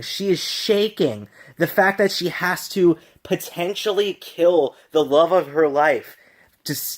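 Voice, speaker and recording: A tipsy man casually reviewing a film on his vlog, gushing and rambling with many restarts and laughs. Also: sits high.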